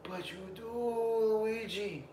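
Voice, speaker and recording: A man's voice: high voice, takes it slowly, mellow, reverberant, a little hiss or hum. A young man in crude, joking casual banter as podcast co-host, sliding into silly voices. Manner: joking, profane, keeps slipping into voices.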